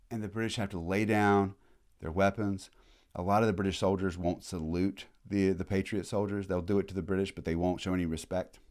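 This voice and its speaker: A man giving a casual, animated history lecture, full of slang and quick acted-out asides. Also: deep voice.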